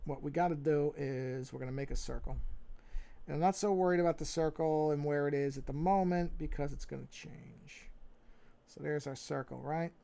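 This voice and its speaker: Man, New York accent, gravelly, mellow tone, muttering to himself, casual stream narration. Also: a little high, steady tone, normal speed. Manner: thinking aloud, muttering and humming to himself. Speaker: digital artist streaming his drawing. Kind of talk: casual live-stream narration while drawing.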